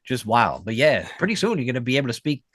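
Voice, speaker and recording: A man co-hosting a podcast, chatting casually with many fillers and animated asides. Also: mid-range voice, fast talker, dry recording. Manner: rambling, lots of fillers, animated storytelling. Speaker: podcast co-host. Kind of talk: casual chat.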